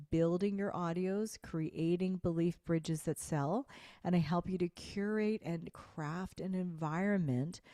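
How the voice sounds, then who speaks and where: Her voice is lowish and dark, captured cleanly in a studio with no echo. Leading an online sales coaching livestream, she drives home slogans with emphasis and keeps urging viewers to reply in chat.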